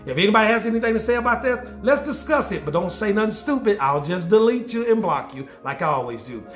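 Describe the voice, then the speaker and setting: A man in his forties giving a loud, playfully crude comedic monologue to camera as a DJ and vlogger. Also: sits high, very animated, fast talker. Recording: echoey room with faint music.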